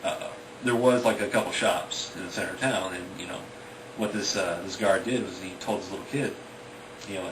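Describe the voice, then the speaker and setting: A young man with a low voice rambles through his own fantasy plot, stringing it together with fillers and quick bits of character voices. He sits away from the mic in an echoey room, with steady background noise. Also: far from the mic. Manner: rambling, full of "you know" and "like", acts out the characters. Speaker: amateur author retelling his story. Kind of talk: casual spoken storytelling.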